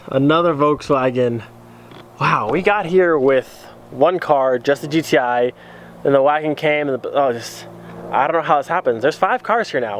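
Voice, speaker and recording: A man chatting casually to his viewers outdoors as a vlogger, thinking out loud and calling them his friends. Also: medium pitch, slight background noise. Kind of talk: casual vlog chat to camera. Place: outdoors by a car trailer.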